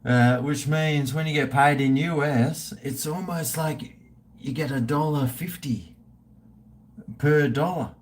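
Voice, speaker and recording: Tipsy Australian bloke hosting a live stream, slow and loose, swears freely while he chats. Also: on the high side. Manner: rambling and profane, reading out viewer chat. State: tipsy from drinking. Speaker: livestream host. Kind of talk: casual live-stream chat.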